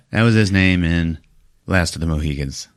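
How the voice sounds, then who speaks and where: A man hosting a podcast, casually retelling a movie plot with profanity and jumping into silly voices for the characters. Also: low-pitched. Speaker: podcast host. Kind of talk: casual movie recap with acted-out lines.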